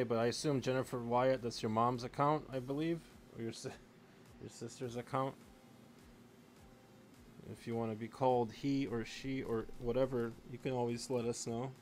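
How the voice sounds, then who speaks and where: A man's voice: medium pitch, a little mellow. A man streaming a video game, chatting loosely with his viewers and swearing freely as he plays, in a room with faint background noise. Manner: rambling, profane, talking to chat while playing. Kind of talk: casual live-stream chat.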